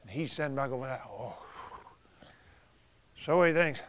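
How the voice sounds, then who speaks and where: A man preaching a folksy sermon, telling the story with chuckles and animated storytelling. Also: mid-range voice, normal speed, long pauses, no room sound.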